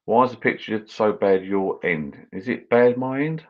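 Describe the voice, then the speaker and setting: A man's voice: on the low side, moderate pace, dull audio. A British man hosting a casual live stream, chatting loosely and reading viewer comments aloud as he drinks. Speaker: channel host.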